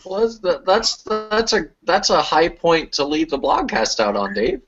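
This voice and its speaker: A man's voice: on the high side, sing-song, normal speed, fairly bright tone, highs cut off. A man hosting a casual podcast chat, teasing his co-hosts with dry jokes. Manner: teasing, joking. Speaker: podcast host.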